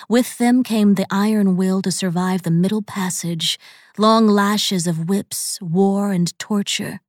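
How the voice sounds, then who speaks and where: A woman narrating a story with a steady, dramatic delivery. She takes her time, and her voice sits close and dry on a studio mic. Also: mid-range voice, dry recording. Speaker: audiobook narrator. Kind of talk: scripted narration.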